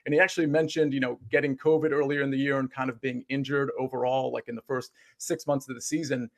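A man with a gravelly voice full of vocal fry speaks on a casual sports podcast. He talks in a measured way, hedging his points and leaning on fillers. His pitch sits in the middle range. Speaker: podcast analyst.

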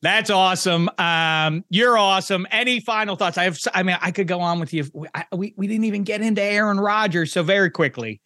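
Bright, playful male podcast host. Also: high-pitched, fairly quick, few pauses, dry recording, clean studio sound. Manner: playful, teasing, mock-dramatic. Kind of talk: casual sports chat.

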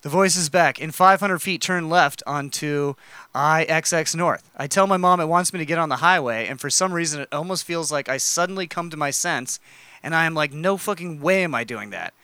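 Brief: male co-host, bright crisp voice, dry close-miked sound, reads a story aloud. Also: on the high side, a little fast, no room sound. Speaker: podcast co-host. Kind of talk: casual chat, reading a story aloud.

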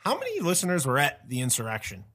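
Husky guy chiming in off mic, highish lively voice, dry remarks. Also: quick pace.

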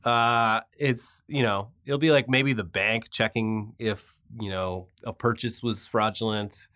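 A man's voice: lowish voice, steady tone, unhurried, pushed and bright. A man co-hosting a casual chat, blunt and swearing casually, who also reads news stories aloud. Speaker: podcast co-host.

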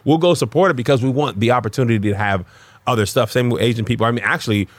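A man who is a comedian, a guest on a podcast, talking in an animated way and jumping high in pitch for emphasis. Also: very fast, dry recording. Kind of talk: casual chat.

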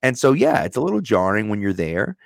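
Male podcast co-host, low voice, relaxed explainer, dry close recording. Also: brisk, gravelly, no echo. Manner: relaxed, explains things, says "right?" often. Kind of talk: casual chat.

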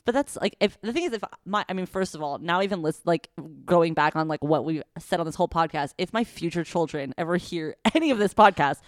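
A woman's voice: lowish voice, animated, brisk, hardly any pauses, no echo, clean studio sound. A woman in her thirties co-hosting a podcast, talking in a rambling way full of "like" and quoted asides. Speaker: podcast co-host. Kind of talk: casual chat.

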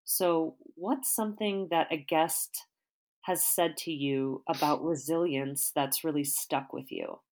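Female interviewer, deep voice, thoughtful and unhurried, long questions. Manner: warm, thoughtful, rambling questions with fillers. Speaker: interviewer, artist.

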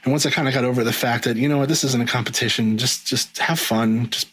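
Husky middle-aged man, rambling chat. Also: medium pitch, fairly even intonation, fast, a bit bright, low-quality recording. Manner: rambling, many ums and restarts. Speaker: guest, video editor. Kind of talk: casual podcast conversation.

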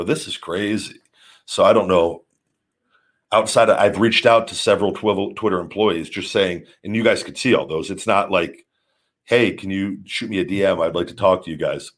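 Deep-voiced blunt rambling man. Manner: rambling, blunt, swears freely. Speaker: show host. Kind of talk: casual live-stream talk.

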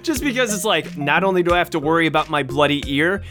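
A man's voice: fairly high pitch, music in the background. A man hosting a podcast in casual, joking chat. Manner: animated, joking, quick asides. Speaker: podcast host.

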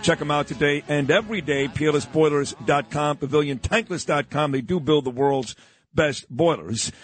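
A man hosting a morning talk radio show, gushing and fast with praise. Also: a little high. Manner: effusive, rapid-fire praise.

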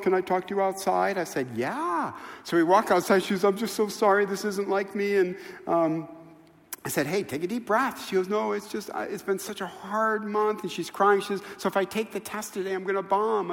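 A man preaching a sermon, telling stories with emphatic, animated delivery and rhetorical questions. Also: on the high side. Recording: reverberant hall.

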